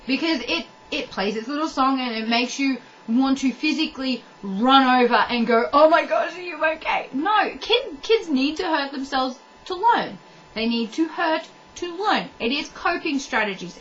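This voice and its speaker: A woman's voice: high-pitched, a bit bright, highs cut off, a little hiss or hum. A woman ranting to the camera in a blunt, heated way, swearing and talking straight to the viewer. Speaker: vlogger. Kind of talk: ranting monologue.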